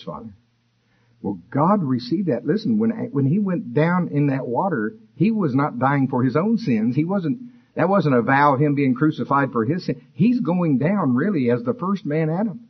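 A man preaching a sermon, explaining scripture in a conversational way and rising in pitch for emphasis. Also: breathy edge, highs cut off. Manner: expository, conversational, rises for emphasis.

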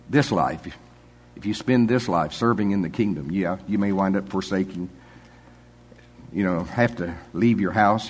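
A man's voice: low-pitched, slightly rough. An older man preaching a sermon in a folksy, conversational way, chuckling often.

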